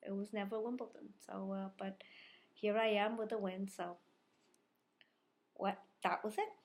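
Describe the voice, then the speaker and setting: A woman's voice: mid-range voice, fairly even intonation, a little slow. A middle-aged woman telling a rambling, self-reflective personal story in a casual vlog, often repeating herself. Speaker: vlogger.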